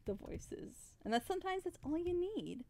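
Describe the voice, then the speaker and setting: A woman's voice: very high voice, sing-song, normal speed, darkish tone. A young woman voice actor chatting casually on a drawing stream. She laughs often and acts out what people said.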